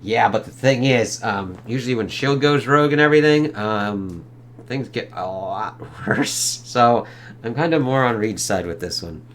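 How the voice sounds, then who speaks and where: A man's voice: mid-range voice, expressive, moderate pace, fairly bright tone, a little hiss or hum. A man giving a casual comic read-along review, laid-back, laughing and swearing as he goes.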